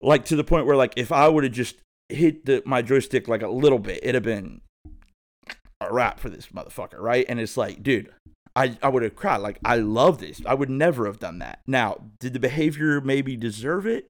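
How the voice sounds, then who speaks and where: A man's voice: medium pitch, animated, normal speed. A man in his thirties, a podcast host, telling a rambling, profane story in a laid-back way. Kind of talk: casual storytelling monologue.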